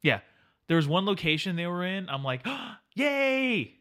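A man's voice: a little high, fairly bright tone. A man co-hosting a podcast, chatting casually in a joking, rambling way full of fillers. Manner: joking, rambling, quick talk with many fillers. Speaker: podcast co-host. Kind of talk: casual chat.

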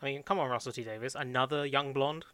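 A man co-hosting a podcast in casual chat, quick and animated, laughing often. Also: mid-range voice, no echo. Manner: fast, laughing, animated storytelling. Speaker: podcast co-host.

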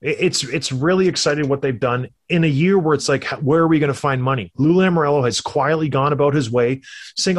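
A man's voice: a little high, a little fast. Ex hockey guy on a podcast, lots of voices in his stories, chatty. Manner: animated storyteller, acts out quotes. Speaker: podcast co-host, former hockey player. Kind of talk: casual sports chat.

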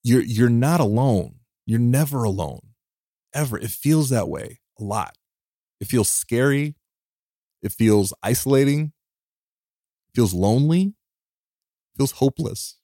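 A man hosting a podcast alone, talking in an earnest, heartfelt way, emotional and near tears, often restarting and laughing softly. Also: medium pitch, animated, takes it slowly, long pauses, no room sound, clean studio sound. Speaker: podcast host. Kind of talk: reflective solo podcast monologue.

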